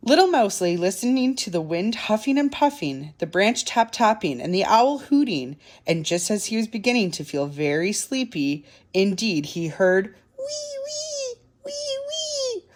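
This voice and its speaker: A woman reading a children's picture book aloud for a library storytime, soft and dramatic. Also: medium pitch, lively intonation, moderate pace, hardly any pauses.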